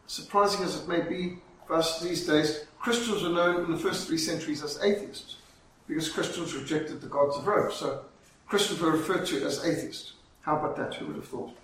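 Male preacher, dramatic storytelling, high voice, very echoey room. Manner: dramatic storytelling, slowing for emphasis. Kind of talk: sermon. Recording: very echoey, from far off, faint ambience.

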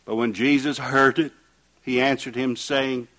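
A man preaching a sermon, reading scripture aloud and asking rhetorical questions, rising to loud emphatic peaks and dropping to quiet asides. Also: mid-range voice, moderate pace. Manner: reads scripture aloud in King James wording.

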